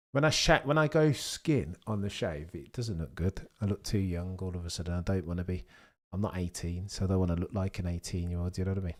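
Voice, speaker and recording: A man's voice: fairly low pitch, darkish tone. A man hosting a live racing watchalong, rambling casually and talking straight to his chat with easy laughs. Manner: chatty, rambling, quick to laugh, talks to chat directly.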